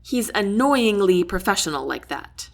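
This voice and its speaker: A woman's voice: medium pitch, sing-song, unhurried, vocal fry. A woman voicing a blunt, sarcastic young woman soldier who talks in a brusque, matter-of-fact way.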